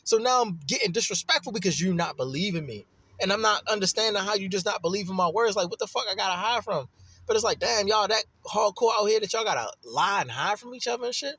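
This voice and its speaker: A man's voice: sits high, animated, fast, sharp tone, husky. A man from Baltimore with a Baltimore accent, telling a rambling, profane personal story in a casual monologue. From Baltimore, USA.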